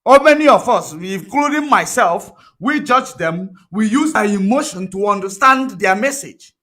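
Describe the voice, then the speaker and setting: Emphatic high-voiced man. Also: fairly bright tone. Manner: emphatic, repetitive, rhetorical questions. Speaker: commentary vlogger. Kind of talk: impassioned commentary monologue.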